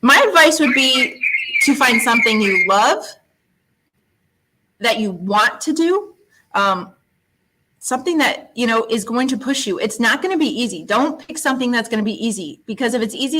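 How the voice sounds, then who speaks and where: A woman's voice: on the high side, expressive, normal speed, bright, forceful tone, a little hiss or hum, rough recording. A woman guest who teaches science, chatting in an interview with an upbeat, storytelling manner and frequent laughs. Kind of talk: casual interview chat.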